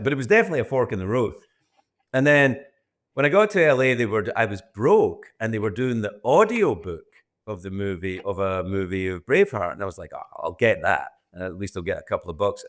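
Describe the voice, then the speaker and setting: A man's voice: on the low side, fairly bright tone. Rambling Scottish man in his sixties. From Scotland. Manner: rambling, self-deprecating, restarts often. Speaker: guest. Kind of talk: podcast interview.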